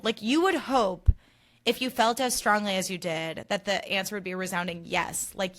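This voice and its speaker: A woman's voice: medium pitch, moderate pace, a bit bright. A young woman hosting a podcast, giving a casual recap in an emphatic, ranting style and swearing freely. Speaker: podcast host.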